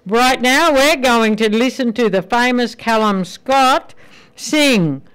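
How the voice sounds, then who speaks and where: A woman radio host telling jokes in a casual, chatty way. Her voice is smooth and clear, and she hums little fillers between the jokes. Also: a little high, slow, fairly bright tone.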